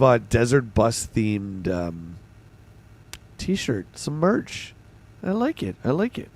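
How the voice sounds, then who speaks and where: A Canadian man hosting a livestream, talking casually as he reads his chat aloud and answers it. His pitch bounces around a lot as he rambles. Faint game music plays behind him. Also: a little mellow. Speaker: streamer host.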